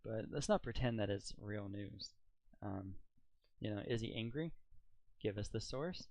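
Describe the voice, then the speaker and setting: A man's voice: lowish voice, animated, a little slow, gravelly, darkish tone, dry recording, poor audio. A man giving casual video commentary, rambling with fillers and mocking rhetorical questions. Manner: incredulous and mocking. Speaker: political commentator.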